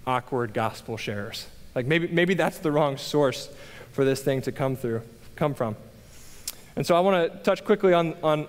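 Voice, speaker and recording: A man's voice: a little high, in a large hall. A young adult man preaching a candid, conversational sermon, self-deprecating and full of fillers and restarts. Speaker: pastor.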